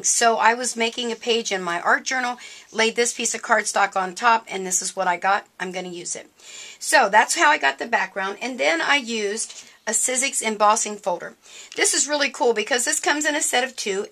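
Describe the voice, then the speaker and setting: A middle-aged woman with a bright, clear tone talks through her handmade cards in a chatty, enthusiastic way. She has the easy, friendly rhythm of a store presenter demonstrating craft projects. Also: fairly high pitch.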